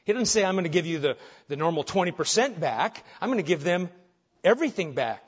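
A man preaching a sermon with emphasis, dropping soft on key phrases and rising when animated. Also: sits high, brisk, slightly rough, dull audio. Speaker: pastor.

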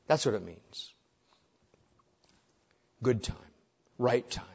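A man's voice: very high-pitched, animated, takes it slowly, long pauses, fairly bright tone. A man preaching a sermon as pastor, earnest and driving his point home with short repeated phrases. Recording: dull lo-fi recording.

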